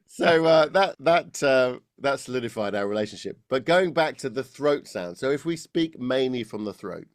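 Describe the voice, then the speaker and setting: A British man, a voice coach, explaining technique in a relaxed interview, often laughing and restarting his sentences. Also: medium pitch, dry recording, clean studio sound. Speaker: voice coach guest.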